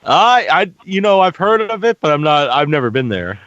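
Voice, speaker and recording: A man's voice: on the high side, sing-song, normal speed, a bit bright, dry recording. A man hosting a podcast interview, chiming in with brief, agreeable replies. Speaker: podcast host. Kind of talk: casual interview. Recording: dry, dull lo-fi sound.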